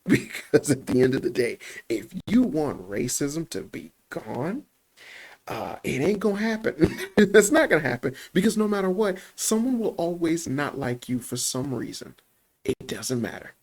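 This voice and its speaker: Gravelly animated man with a Chicago accent. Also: a little high. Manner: animated, laughs often, heavy swearing. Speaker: YouTube commentator. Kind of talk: profane reaction commentary.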